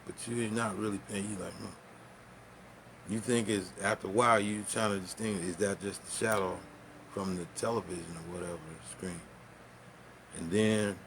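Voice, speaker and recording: A man telling a profane, animated story in casual talk, with laughs and spoken sound effects. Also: lowish voice, slight background noise.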